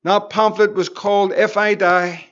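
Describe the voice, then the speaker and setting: A Northern Irish man, a pastor, preaching a Bible study with fervent exclamations and slow, emphatic repetitions. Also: sits high, level tone, fairly bright tone, dull audio.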